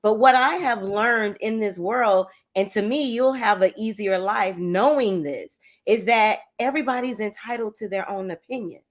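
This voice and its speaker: A woman's voice: medium pitch, normal speed, hardly any pauses. A woman hosting a casual talk show, upbeat and cheering on her co-hosts.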